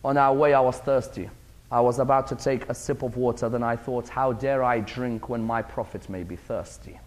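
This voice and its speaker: Humble, devoted desert companion as a male lecturer quotes him: earnest, low and soft-spoken. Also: steady tone, moderate pace, natural voice.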